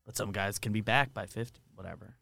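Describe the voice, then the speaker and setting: Bright-voiced, lowish man on a podcast. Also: fast, vocal fry, no room sound. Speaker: podcast co-host. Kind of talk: casual sports chat.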